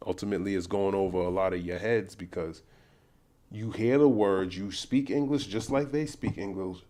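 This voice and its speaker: A man hosting a livestream who mixes Bible teaching with reactions to news clips. He talks in a preachy way, repeats himself and turns loud and indignant. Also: sits low, normal speed. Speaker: livestream host.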